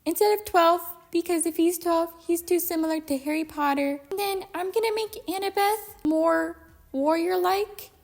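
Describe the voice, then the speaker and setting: A woman's voice: very high-pitched, normal speed, creaky, voice pushed up. A woman voicing a smug, whiny male movie director who justifies his choices in a mocking impression.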